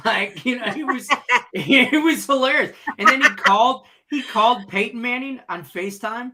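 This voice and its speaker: Man, middle-aged, sports show co-host, casual chat, animated, laughs a lot, high voice. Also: normal speed, heavy background noise. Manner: animated storyteller, laughs often.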